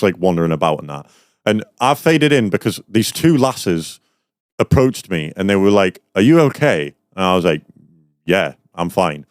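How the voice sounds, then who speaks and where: A man's voice: on the low side, clear, resonant tone, no room sound, clean studio sound. A young man, a podcast guest, telling a rambling story in casual chat with lots of fillers.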